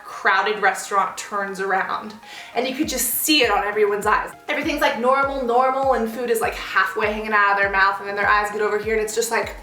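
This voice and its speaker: A young woman telling a story on her vlog in a lively way, with big jumps in pitch when she acts out quotes. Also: roomy sound, rough recording. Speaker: vlogger.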